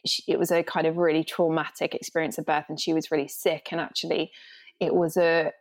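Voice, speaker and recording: A woman's voice: sits low, level tone, brisk. A woman from England in her thirties, a yoga teacher talking candidly and rambling a little as a podcast guest. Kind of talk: podcast interview.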